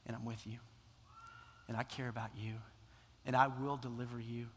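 Man doing God's voice, deep, hushed, gentle, reassuring, long reverb. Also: flat delivery, normal speed, close to an everyday voice. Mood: tender. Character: God, a calm, tender, reassuring male deity.

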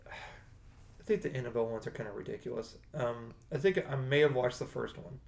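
Man, mid-pitch, casual rambly co-host, roomy echo on the track. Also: a little fast, creaky, darkish tone. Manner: rambling, self-correcting. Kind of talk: casual chat.

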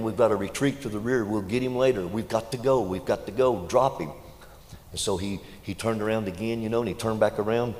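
A deep-voiced man preaches in a folksy, storytelling way, building to loud and emotional peaks. His voice rings through a large church hall with a long echo and faint background noise. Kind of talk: sermon storytelling.

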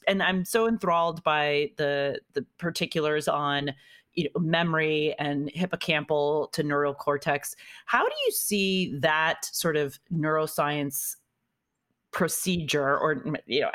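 Low-voiced woman interviewer. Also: fairly bright tone. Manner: measured, academic phrasing. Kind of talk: interview question.

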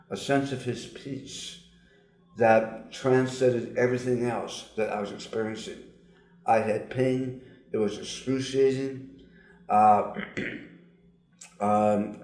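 An older man speaking earnestly as an interview guest, his words slightly altered from tongue surgery, with pauses and fillers. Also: mid-range voice, darkish tone, reverberant. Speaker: guest, psychologist. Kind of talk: personal testimony in an interview.

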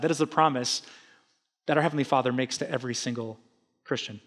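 A middle-aged man preaching a sermon, lively, casual and joking with his listeners. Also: fairly high pitch, fast. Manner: energetic, conversational, humorous. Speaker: pastor.

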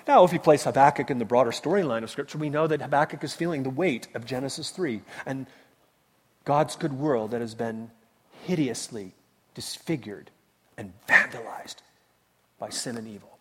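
A man preaching a sermon as pastor, impassioned, swinging between loud cries and hushed tones. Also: medium pitch, moderate pace, slightly rough. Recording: long reverb of a large hall.

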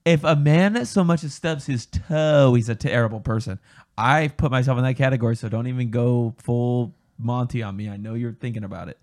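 A young man co-hosting a casual podcast chat, joking and swearing, getting excitable. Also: mid-range voice, fairly quick. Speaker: podcast co-host.

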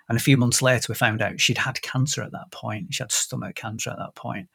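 A podcast host in his fifties talks fast in a medium-pitched, gravelly, slightly rough voice, with few pauses. Chatting casually, he tells stories animatedly and restarts frequently.

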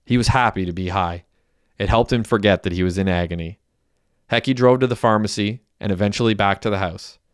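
A man narrating a crime audiobook in a steady, plain storytelling manner. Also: lowish voice, clear, resonant tone, no echo, studio quality.

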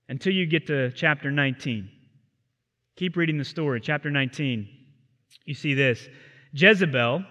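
A male pastor preaches in an animated, casual storytelling style, his bright, forceful voice sitting a little high for a man. The sound carries the long reverb of a theatre hall. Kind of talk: sermon. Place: theatre used as a church.

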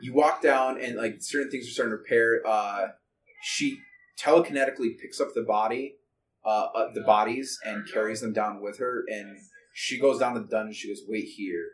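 A man's voice: mid-range voice, fairly even intonation, normal speed. A man narrating as game master of a tabletop game, rambling with many fillers and restarts. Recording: distant mic, faint background noise.

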